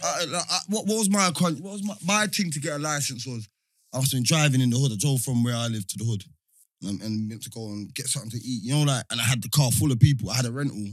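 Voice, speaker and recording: A man's voice: mid-range voice, quick pace, no echo, clean studio sound. A young man, telling stories in casual slang-heavy chat and acting out both sides of the exchanges.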